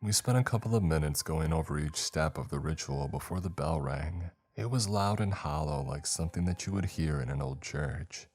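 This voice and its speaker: A man narrating a first-person horror story in a measured, atmospheric way. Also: very deep voice, darkish tone, husky. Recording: faint music underneath.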